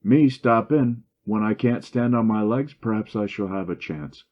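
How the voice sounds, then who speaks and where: A man's voice: fairly low pitch, moderate pace, lo-fi sound, pitched above the performer's own voice, close to an everyday voice. A man reading as a young country doctor with a bad cold, asking dry, sarcastic questions in a story reading. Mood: wry.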